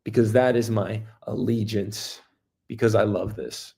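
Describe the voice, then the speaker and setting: A man in his thirties hosting his own show, talking in a rambling, jokey monologue with swearing and sudden loud bursts. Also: lowish voice, steady tone, unhurried, creaky, breathy edge. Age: 30s. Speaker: host. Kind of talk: casual solo monologue.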